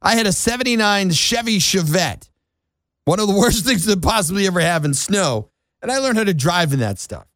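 A fairly high-voiced man from New England, hosting a talk show in an exasperated rant. His pitch swings widely as he mocks and scolds, and the sound is close and dry. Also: animated, normal speed, a bit bright, no echo. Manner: exasperated ranting, mocking quoted voices. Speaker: radio show host. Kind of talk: opinionated monologue. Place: Florida.

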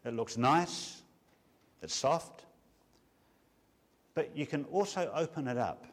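Man preaching a measured sermon. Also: on the high side, expressive. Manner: rhetorical questions, measured emphatic delivery. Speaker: pastor.

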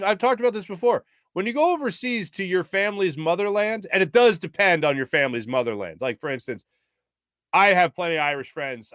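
A man's voice: high voice, fairly bright tone, no echo, clean studio sound. A man hosting a sports talk show, chatting casually with lots of fillers while reading viewer comments. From United States.

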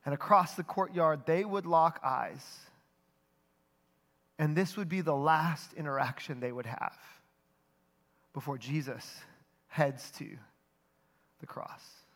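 Young adult male pastor, earnest sermon delivery, fairly high voice, soft dramatic drops. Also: takes it slowly, pauses often.

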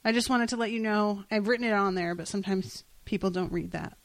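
A woman hosting a podcast, retelling a comic story in animated, casual chat with casual swearing. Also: medium pitch, fast, dry recording. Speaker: podcast host.

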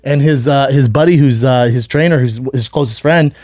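Podcast host, man, mid-pitched, close dry sound, loose rambling storyteller with a profane streak. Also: normal speed, darkish tone, no room sound. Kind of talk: casual chat.

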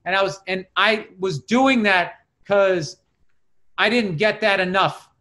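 A man's voice: high voice, slow pace, sharp tone. A middle-aged man telling rambling stories in casual chat, swearing freely. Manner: profane, rambling storytelling.

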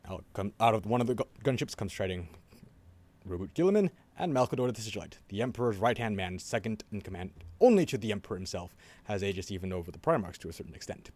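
A man on a podcast, casually retelling a story in a loose, animated way, with swearing and quoted voices. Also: on the low side, fast talker. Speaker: podcast host.

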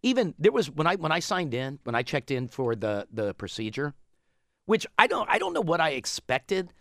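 A man in a casual chat, telling a long story in a rambling, animated way. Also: on the high side, normal speed, no echo, clean studio sound.

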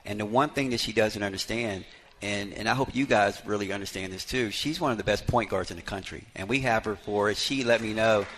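A man's voice: lowish voice, a little fast, fairly bright tone. A man who is a head basketball coach, talking in a live radio interview in a folksy, storytelling way with lots of "you know" fillers, broadcast from a bar with fans around.

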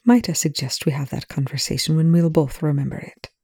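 A reader voicing a dry, sardonic male scientist in a fan fiction reading, with clipped, precise lines often dropped soft. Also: mid-range voice, fairly quick, vocal fry, husky, dry recording.

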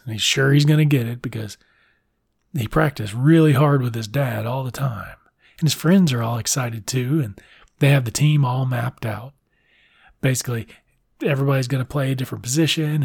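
A man hosting a podcast, recapping a children's book in a sarcastic, rambling way with lots of swearing and quick asides. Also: medium pitch, creaky, darkish tone, slightly rough, no room sound, clean studio sound. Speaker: podcast host. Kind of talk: profane comedic book recap.

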